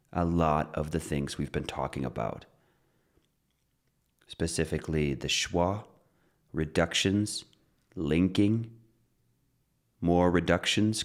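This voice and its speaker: A very deep-voiced man teaching English pronunciation in an upbeat way. He explains each point step by step and reads short rhymes to a steady beat. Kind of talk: online English pronunciation lesson.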